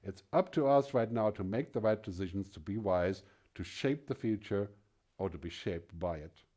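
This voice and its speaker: Low, mellow-voiced male keynote speaker. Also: moderate pace. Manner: emphatic, rhetorical questions, frequent tag "right?". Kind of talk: conference keynote speech.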